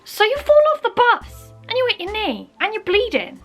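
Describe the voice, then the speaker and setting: A woman's voice: very high-pitched, huge pitch swings, moderate pace, a bit bright, soft background music. A young woman from Bristol with a Bristolian accent, chatting playfully in a comedic vlog. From Bristol, England. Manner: playful, chatty, acts out little scenes. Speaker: vlogger.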